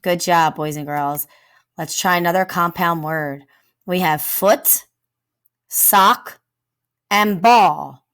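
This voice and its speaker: A woman teacher giving a phonics lesson to children. She sounds out words slowly, speaks straight to the pupils and praises them often. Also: fairly low pitch, fairly bright tone.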